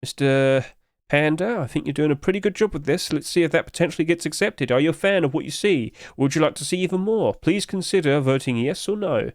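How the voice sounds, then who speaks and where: A young man talks casually through game skins, chatty and often putting questions to his viewers. His voice sits fairly high. The sound is dry and close, with no room around it. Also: lively intonation, a little fast, no room sound. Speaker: video game skin reviewer.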